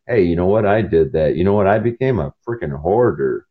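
A man with a very deep voice that still swings up and down a lot, talks in a loose, rambling way, and hops from one story to the next. He acts out the people in his stories in quick bursts. He is recording from the cab of his truck while driving, and the sound is a little muffled and lo-fi. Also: animated. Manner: jumps between topics and acts out quoted voices. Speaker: podcast host. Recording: dull lo-fi sound.

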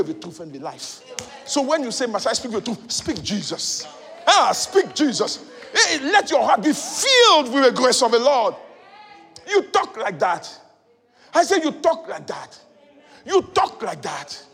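A male preacher giving a sermon, moving between loud shouted exhortation and quiet teaching. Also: sits high, slightly rough. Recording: long hall reverb.

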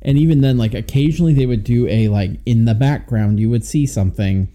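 A man with a deep, mellow voice, talking casually on a movie podcast. He thinks aloud in an easygoing way and fills his pauses with small words. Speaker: podcast co-host. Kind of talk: casual movie review chat.

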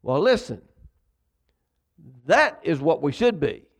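A preacher man with a gravelly, rough-edged voice pitched a little above the usual. He delivers his sermon with dramatic voiced quotes and quick asides, swinging between reading scripture and talking straight to the congregation. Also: very animated. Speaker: pastor.

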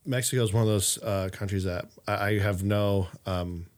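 A man with a lowish voice hosts a relaxed podcast conversation. He rambles through his stories, leaning on "like" and "um" as he goes. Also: normal speed. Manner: rambling, filler-heavy storyteller. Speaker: podcast host. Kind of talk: casual chat.

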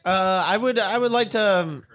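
A man's voice: high-pitched, moderate pace, fairly bright tone. A man from Ohio, a guest on a movie commentary podcast, chatting in a laid-back way with short answers and fillers. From Ohio, United States. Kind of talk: casual chat.

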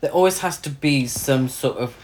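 A man's voice: medium pitch, moderate pace, a little hiss or hum. A man co-hosting a casual film review chat, chatty and amused, often restarting his sentences. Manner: chatty, laughs easily, hesitant restarts. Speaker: podcast co-host reviewing films.

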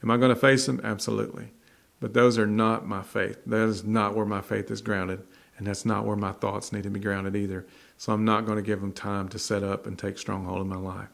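A man's voice: on the low side, level tone, fairly quick, vocal fry. A man preaching a folksy sermon that builds to emphatic repetition. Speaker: pastor. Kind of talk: sermon with storytelling.

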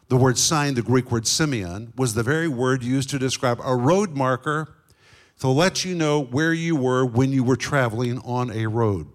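Emphatic middle-aged man preaching. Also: mid-range voice. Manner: emphatic, deliberate, slows on key words. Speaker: guest Bible teacher. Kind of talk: sermon.

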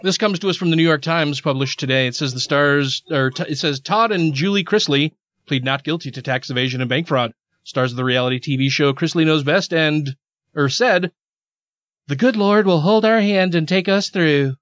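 A man's voice: a little high, a little fast, fairly bright tone, no echo, dull audio. A man co-hosting a casual podcast, reading news articles aloud and adding sarcastic asides. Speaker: podcast co-host.

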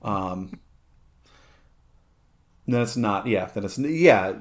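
A man's voice: lowish voice, lively intonation. Rambling man on a podcast. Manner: rambling, halting, many fillers and restarts, laughs often. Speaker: podcast co-host. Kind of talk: casual chat.

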